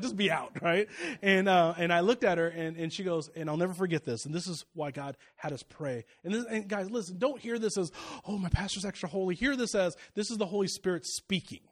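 Preaching in a slightly high voice at a somewhat quick pace, a male pastor tells of his own experience. His sermon moves from loud, intensifying exhortation to quiet, confiding asides.

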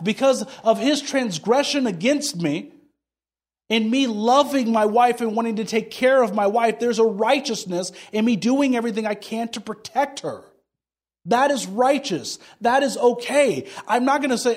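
A man's voice: high voice, lively intonation, moderate pace. A man preaching a sermon, talking in a conversational way, telling stories and acting out both sides of a conversation. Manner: conversational preaching, tells stories and acts out dialogue. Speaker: pastor.

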